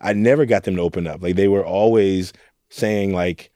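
A man's voice: sits low, fairly even intonation, moderate pace, dark tone, no room sound. A young man from Oakland, a youth mentor, speaking candidly and reflectively in an interview. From Oakland, California. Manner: earnest, reflective storytelling with quoted asides.

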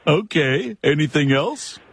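A man playing a jolly old Santa Claus on a live radio call-in, joking with children in a slow, drawn-out way. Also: on the high side, animated, a little hiss or hum.

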